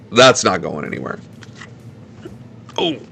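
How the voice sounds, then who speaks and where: A man's voice: lowish voice, gravelly, sharp tone, slight background noise. A man hosting a political livestream in a sarcastic, joking, self-mocking way. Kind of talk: casual livestream commentary.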